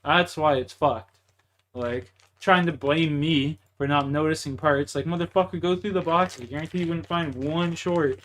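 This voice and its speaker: A young man with a Canadian accent talks to his livestream audience between rounds of a game. His voice sits a touch high, and he vents in a frustrated, expletive-laden rant. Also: moderate pace. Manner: profane, heated, frustrated ranting. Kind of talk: ranting to livestream chat while gaming.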